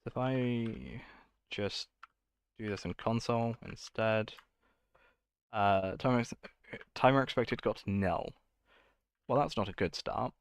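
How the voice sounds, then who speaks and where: A man's voice: on the low side, takes it slowly, vocal fry, long pauses, clear, resonant tone, dry recording. A man streaming himself coding, thinking aloud in a casual, muttering way and correcting himself as he goes.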